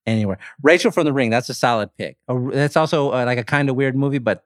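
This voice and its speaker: A man co-hosting a podcast, chatting casually about horror movies, animated, swearing and laughing often. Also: mid-range voice, fast, no room sound, clean studio sound. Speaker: podcast co-host. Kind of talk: casual chat.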